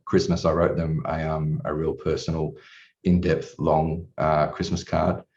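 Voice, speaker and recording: A client's testimonial comes through a distant mic in dull lo-fi sound. He speaks at a measured pace in a very deep, gravelly, darkish voice that barely moves in pitch. Candid and emotional, he tells his personal story earnestly, with casual swearing and many restarts.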